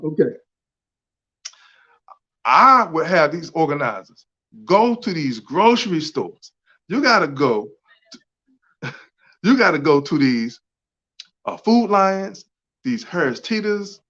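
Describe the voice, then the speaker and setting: A man's voice: a little high, big pitch swings, slow pace, long pauses, a bit bright. Emphatic man, lo-fi audio. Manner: emphatic, repetitive, keeps asking "right?". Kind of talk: impassioned casual talk. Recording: dull lo-fi audio.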